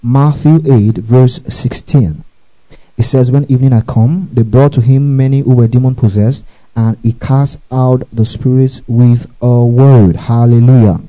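A male preacher delivers a teaching sermon in a very dark, mellow voice at a middling pitch. He walks through scripture line by line and keeps checking in with his listeners, prompting them to repeat phrases after him. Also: fairly even intonation, measured pace, poor audio. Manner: teaching with scripture references, frequent call-and-response prompts.

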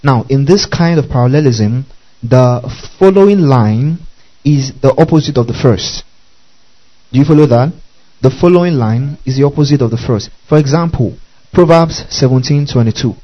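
A man's voice: mid-range voice, moderate pace. A man teaching a Bible lesson in a church service, repeating each point, spelling out key terms and often checking whether listeners follow. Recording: dull lo-fi recording.

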